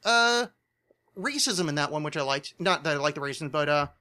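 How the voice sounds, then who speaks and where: Nasal American man, bright voice. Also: fairly high pitch, lively intonation, fairly quick, clear, resonant tone. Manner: rambling, many fillers and restarts. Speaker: podcast co-host. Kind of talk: casual chat.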